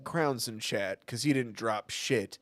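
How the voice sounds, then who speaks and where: A man streaming a game live, expressive and swearing, with frequent laughs and loud outbursts. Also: mid-range voice, takes it slowly. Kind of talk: live gaming commentary. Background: faint game music.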